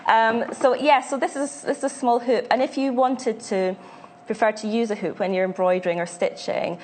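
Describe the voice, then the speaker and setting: A woman's voice: on the high side, fairly even intonation, normal speed, a little mellow, a little hiss or hum. A woman with a Scottish accent, a guest on a sewing show, explaining craft techniques in enthusiastic, casual chat with frequent fillers. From Scotland. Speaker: studio guest presenting sewing books.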